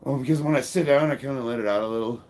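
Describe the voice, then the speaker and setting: This Illinois powerlifter, age fifty, fires back at his live-stream chat in a blunt, profane, combative manner punctuated by bursts of laughter. He talks very fast in a medium-pitched, darkish voice over a little hiss or hum.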